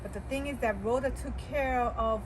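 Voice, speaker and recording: A woman with a fairly high voice talking over a book with a friend, earnest and quick to chime in. she is recorded outside, and crickets chirp steadily behind her. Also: steady tone, noisy background. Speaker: co-reviewer. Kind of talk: casual book chat.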